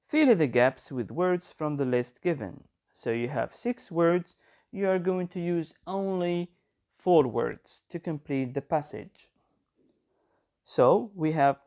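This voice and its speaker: A man's voice: a little high, lively intonation, takes it slowly, darkish tone. A man from Algeria, an English teacher going through the answers of an exam step by step and speaking directly to his students. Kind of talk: exam correction lesson.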